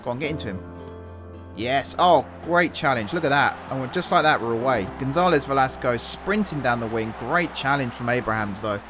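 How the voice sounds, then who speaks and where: A man's voice: medium pitch, expressive, brisk. Chatty young man narrating a football game. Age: young adult. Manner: chatty, muses aloud and shifts between match calls and asides. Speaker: gaming YouTuber and streamer. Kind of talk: relaxed live commentary over a football management game. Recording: game music playing under the voice.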